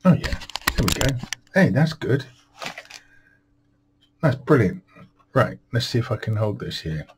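A man's voice: mid-range voice, sing-song, unhurried, background noise. A tired man rambling through a home vlog, weary and self-deprecating, grumbling at himself. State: tired, yawning. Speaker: vlogger.

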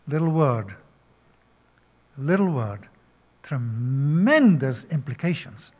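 An older man preaching a sermon, slow and emphatic, asking his listeners questions. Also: on the high side, animated. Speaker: pastor.

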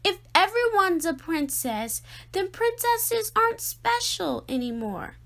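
A woman's voice: extremely high pitch, sing-song, measured pace, fairly bright tone, voice pushed up, exaggerated voice. A woman voicing a strong-willed, dramatic little girl who speaks emphatically. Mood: indignant. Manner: emphatic, indignant questions.

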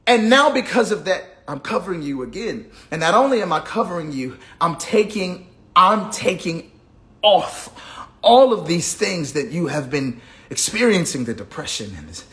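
A man sharing a personal testimony in a preaching cadence, repeating phrases and building from hushed to fervent with sudden whoops. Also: sits high, big pitch swings, moderate pace. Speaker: gospel singer giving a testimony.

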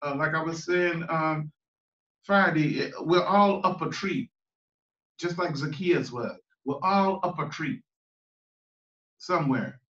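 High bright-voiced pastor in an echoey church. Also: male voice, slow, long pauses. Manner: emphatic, plain-spoken, repeats key phrases. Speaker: pastor leading a choir Bible study. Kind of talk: conversational preaching. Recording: echoey room, voice far from the mic, dull sound.

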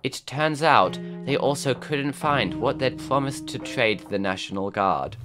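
Wry, lively male narrator. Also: mid-range voice, unhurried, music in the background. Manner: wry, storytelling. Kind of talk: scripted narration of a game video.

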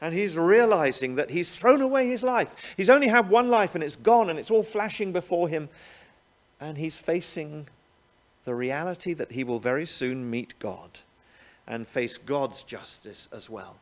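A man delivers a sermon in a slightly high voice. His pitch swings widely as he leans on rhetorical questions to draw the listener in. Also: normal speed. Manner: animated, rhetorical tag questions. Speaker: pastor.

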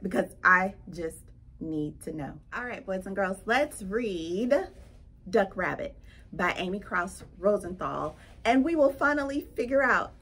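A children's librarian with a fairly low, husky voice leads a storytime read-aloud. She's playful and speaks directly to the kids.

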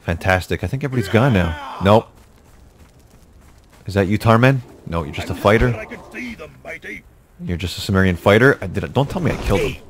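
Low-voiced male gaming host, muttering jokey play-by-play with a light hiss behind. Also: animated, fairly quick, pauses often. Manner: talks to himself, jokey, exasperated outbursts. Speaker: gaming YouTuber. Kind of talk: casual gameplay commentary.

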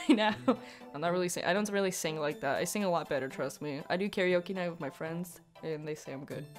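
A woman's voice: fairly low pitch, a bit bright. A young woman giving casual, rambling commentary over a speed paint, giggling often and poking fun at her own work. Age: young adult. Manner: giggly, rambling, self-deprecating. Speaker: digital artist.

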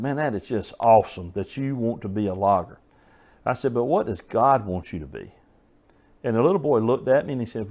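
A man's voice: mid-range voice, a little mellow. A man preaching a sermon, earnest and folksy, telling stories and often restarting his phrases.

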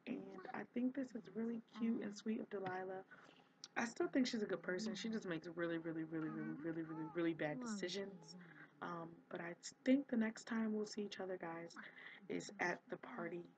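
A woman hosting a casual gameplay commentary, excitable and gushing, slipping into quoted voices for the characters. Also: lowish voice, a little fast, a crowd in the background. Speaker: let's play host.

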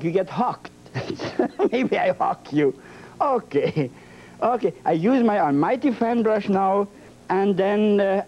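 A man teaching a painting lesson, talking with emphatic, playful repetition. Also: high voice. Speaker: painting instructor. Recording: dull lo-fi broadcast sound.

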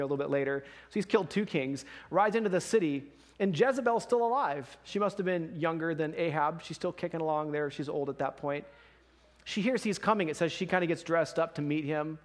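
A man preaching in a church, retelling a story in a casual, animated way, laughing along. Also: fairly high pitch. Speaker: pastor. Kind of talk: sermon.

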